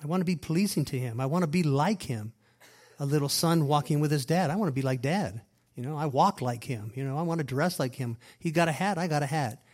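Emphatic male preacher, slightly high voice. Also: fairly quick. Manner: emphatic, repeats phrases, swings between loud stresses and quiet asides. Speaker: pastor. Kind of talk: sermon with scripture reading.

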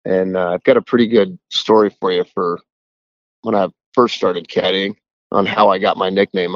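A man's voice: deep voice, no echo, highs cut off. A man who works as a caddie, telling a rambling story in a casual voicemail. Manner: chatty, rambling.

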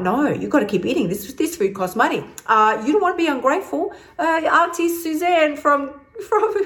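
A woman's voice: a little high, lightly acted. A woman voicing a sultry, wheedling inner voice that coaxes someone to keep eating. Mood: guilt-tripping. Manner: coaxing, whispery, sultry.

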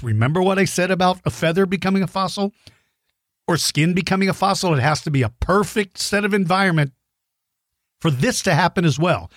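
A man with a fairly high voice hosts a children's dinosaur show, talking playfully and educationally to young viewers and reading out their messages. He corrects himself now and then, and the recording is dry, clean studio sound.

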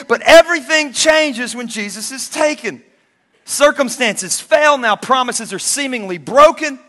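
A male preacher delivers a sermon in a high, bright voice and tells stories in an animated way. He acts out the characters as he goes. The sound carries a long, echoing hall reverb. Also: unhurried, some chatter behind. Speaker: pastor.

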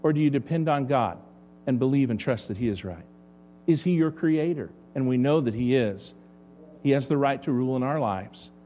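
A man's voice: medium pitch, brisk, dull audio, a little hiss or hum. A man preaching a sermon as pastor, asking the congregation rhetorical questions.

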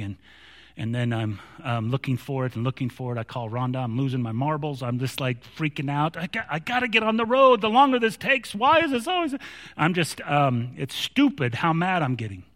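A man's voice: mid-range voice, in a large hall. A man preaching a sermon as pastor, telling stories with mounting animation and frequent restarts. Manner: storytelling with growing animation, many restarts.

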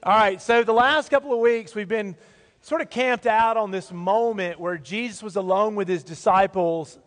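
A man's voice: high voice, normal speed, a bit bright. A man preaching a sermon as pastor of a church, talking in a conversational, folksy storytelling way. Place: church sanctuary. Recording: long reverb of a church hall.

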